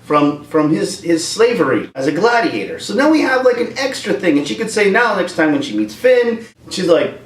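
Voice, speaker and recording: This video creator's voice sits high and sing-song, at a normal speed with hardly any pauses, as he rambles through a comic rant and breaks into voices. He's in a room at home with a dog, and the sound is roomy and distant from the mic.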